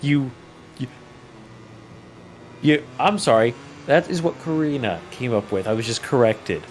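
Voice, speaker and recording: A man's voice: mid-range voice, animated, measured pace, a little hiss or hum. A man co-commentating a sim race, trading dry, teasing banter.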